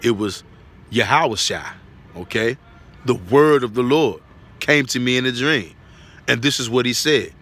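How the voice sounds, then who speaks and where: A man's voice: mid-range voice, expressive, unhurried, long pauses, fairly bright tone. A man giving an earnest spoken religious testimony, repeating himself and checking in with tag questions.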